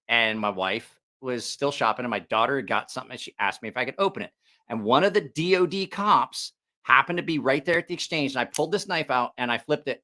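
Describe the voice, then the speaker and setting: A man hosting a knife channel, telling stories in a casual, profane, animated way. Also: mid-range voice. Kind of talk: casual storytelling chat.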